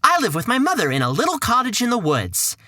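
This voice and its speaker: A man voicing a poor, eager teenage boy with his own voice pitched slightly higher. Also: huge pitch swings, quick pace, pushed and bright, no echo, clean studio sound, exaggerated voice.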